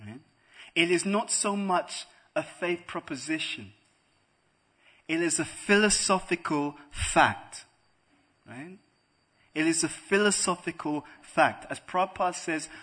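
Husky man lecturing, asking "right?". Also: a little high, measured pace, bright, forceful tone. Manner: rhetorical, keeps asking "right?". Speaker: spiritual lecturer. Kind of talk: devotional class lecture. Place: room with a live audience.

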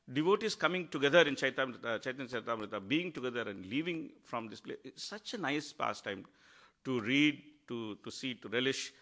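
Man, animated devotional storyteller, bright forward tone. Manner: animated storytelling, acts out quotes with rising pitch. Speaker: speaker at a devotional class. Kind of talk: devotional talk.

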